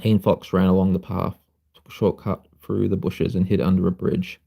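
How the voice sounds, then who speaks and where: Brief: low dark gravelly male storyteller, drowsy, slow reading on a live stream. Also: flat delivery. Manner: sleepy, unhurried, apologizes for slips and coughs. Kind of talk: reading a children's story aloud.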